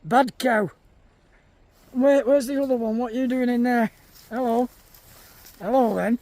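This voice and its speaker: A very high-pitched, gravelly man rambles cheerfully to the camera. He is outdoors in a field and chats to his viewers and his animals as he goes. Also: fairly even intonation, a little slow, a little mellow, dry recording. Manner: chatty, talks to animals and viewers. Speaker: vlogger. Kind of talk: casual vlog chat.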